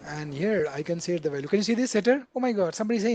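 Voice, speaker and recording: A man's voice: sits high, expressive, quick pace, a little mellow. A man teaching a live online coding class. He talks chattily, checks in with the class, and acts out what the code editor says. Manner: chatty, repeatedly checking in with "right?". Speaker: programming instructor.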